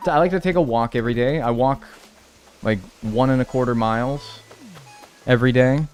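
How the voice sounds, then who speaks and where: A man's voice: mid-range voice, normal speed, a little hiss or hum. A young man streaming a life-sim game, rambling casually and answering chat with self-deprecating humor.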